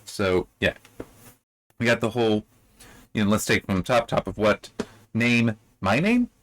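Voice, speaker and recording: A man giving a casual spoken critique of a book chapter, rambling with many restarts and sudden rises in pitch when he gets worked up. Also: fairly even intonation, moderate pace, a little hiss or hum. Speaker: book reviewer.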